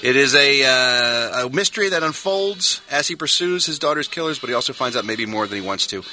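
Bright-voiced middle-aged guy doing a radio movie review, sarcastic and loud, faint music behind. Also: mid-range voice, expressive, brisk, low-quality recording. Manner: sarcastic and exclamatory.

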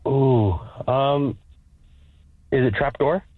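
A man's voice: medium pitch, steady tone, extremely slow. Hesitant man caller on a tinny phone line, faint hiss behind. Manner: hesitant guessing.

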